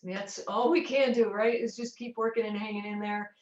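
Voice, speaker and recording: A woman's voice: mid-range voice, steady tone, moderate pace. A woman host in a casual video chat interview, asking friendly, rambling questions. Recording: echoey, distant, lo-fi web call.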